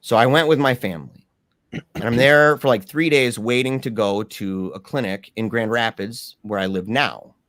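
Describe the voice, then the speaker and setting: A young man telling his personal story in a candid, animated way with slangy asides. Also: medium pitch, moderate pace, dry recording, studio quality.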